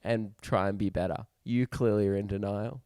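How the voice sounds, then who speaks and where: A man's voice: lowish voice, steady tone, mellow, no room sound, clean studio sound. A young Australian man co-hosting a casual podcast, chatty and joking as he plugs his tour dates. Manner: chatty, joking, brisk self-promotion. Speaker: podcast co-host, touring comedian.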